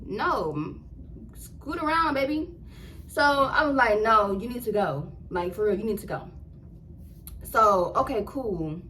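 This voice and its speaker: A woman's voice: on the high side, slight background noise, poor audio. A woman in her twenties telling a story casually and with animation, full of slang, acting out what she said back then. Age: 20s. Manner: animated, slangy, acts out her own quotes. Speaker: vlogger.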